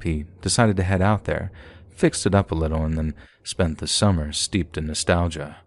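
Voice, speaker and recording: A man narrating a first-person horror story in a steady, measured way. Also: sits low, dry recording.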